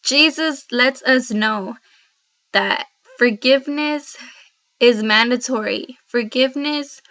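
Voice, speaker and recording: Woman, devotional vlog, earnest, rambling, talks to viewers, clear bright voice, dull lo-fi laptop audio. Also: high-pitched. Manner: heartfelt, rambling, addresses viewers directly. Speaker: Christian vlogger. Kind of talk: earnest devotional talk to camera. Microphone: laptop built-in mic.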